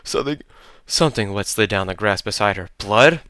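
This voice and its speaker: A man tells a horror story with dramatic, deliberate pacing. His voice is bright and crisp, recorded close and dry, with no room around it. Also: lowish voice, animated, no echo. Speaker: narrator.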